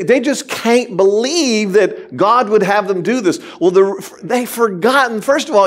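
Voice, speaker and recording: A man preaching a sermon as pastor, animated and humorous, addressing the congregation directly. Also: high-pitched. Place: church sanctuary.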